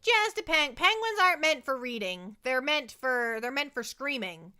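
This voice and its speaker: A woman's voice: high voice, lively intonation, normal speed, sharp tone, smooth. A young woman chatting casually on a livestream, rambling and self-deprecating, often tripping over and repeating her words into a close desk mic. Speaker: VTuber streamer.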